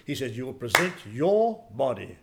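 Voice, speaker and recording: A man in his sixties preaching a sermon as pastor, folksy and emphatic, swinging from quiet asides to loud exclamations. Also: mid-range voice, very animated, moderate pace. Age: 60s.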